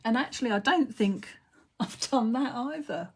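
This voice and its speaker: A woman's voice: fairly high pitch, animated, normal speed, slightly rough. A middle-aged British woman hosting a casual craft live stream, gushing with praise as she shows cards.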